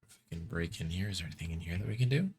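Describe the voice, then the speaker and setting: A man's voice: deep voice, very fast, a little mellow, slightly rough. A man casually commenting on an adventure game, reading text aloud, playfully muttering and humming. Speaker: let's play streamer.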